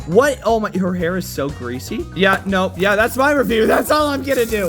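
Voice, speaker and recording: Young man, from the United States, high voice, mocking, over-the-top toy review, faint music behind. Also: lively intonation, moderate pace, few pauses, fairly bright tone. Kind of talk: comedic unboxing review.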